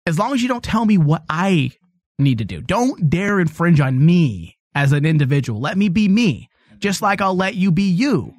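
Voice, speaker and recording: Animated, blunt male radio host. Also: high-pitched, moderate pace, no echo, clean studio sound. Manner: blunt, laughs easily, animated. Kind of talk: casual opinionated banter.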